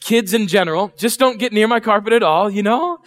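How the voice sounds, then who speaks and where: A man's voice: sits high, brisk, fairly bright tone. A middle-aged man preaching a sermon, chatty and full of questions to the congregation. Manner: conversational, asks the congregation questions, acts out voices. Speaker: pastor. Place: church.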